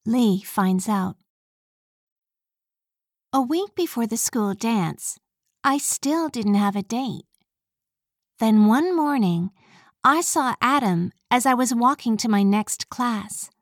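A woman reads a first-person story aloud, slowly and carefully with clear diction. Her voice is fairly high for a woman. The recording is close and dry. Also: expressive, no room sound. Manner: slow, clear, careful reading. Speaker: audiobook narrator.

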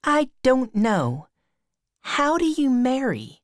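A woman voicing a shy, coy young girl in a storybook reading, with a high, light voice. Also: wildly swooping pitch, takes it slowly, dry recording, clean studio sound, full character voice. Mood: curious.

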